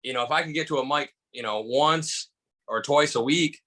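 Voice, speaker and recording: A comedian from Michigan telling stories in a casual chat, rambling with lots of restarts and fillers. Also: male voice, fairly high pitch, normal speed, pushed and bright. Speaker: guest comedian.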